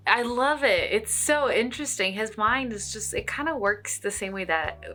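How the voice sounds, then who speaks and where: A young woman vlogging as she follows a painting tutorial, chatty, playful and excitable. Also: fairly high pitch, normal speed, faint music behind. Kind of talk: casual reaction commentary.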